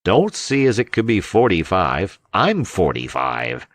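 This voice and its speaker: A fat little old fisherman grumbles and snaps in a slow drawl, as a man reads him aloud. His voice is a shade higher than a plain low reading voice and comes across dry and close. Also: wildly swooping pitch, fairly bright tone, dry recording, full character voice. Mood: grumpy.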